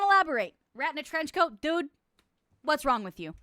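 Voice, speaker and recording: A woman's voice: high voice, big pitch swings, a little fast, pushed and bright, dry recording, clean studio sound. A woman streamer playing a nun who hears chat's confessions, swinging between mock-solemn verdicts and profane, laughing banter. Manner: laughs often.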